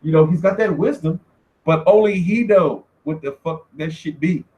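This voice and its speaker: High, lively-voiced man in an echoey room. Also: moderate pace, muffled recording. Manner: animated, laughing, slangy storytelling. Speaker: boxing media vlogger. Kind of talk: casual profane monologue. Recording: roomy echo.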